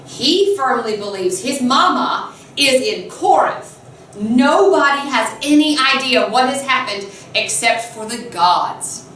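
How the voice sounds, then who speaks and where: A woman teacher telling a myth in a chatty, animated way, with a slightly high voice. She sounds like she's in a very echoey classroom, picked up from a distance, with faint room noise behind her. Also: takes it slowly. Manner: animated, chatty, laughs often. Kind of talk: classroom storytelling lesson. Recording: echoey room, mic far off.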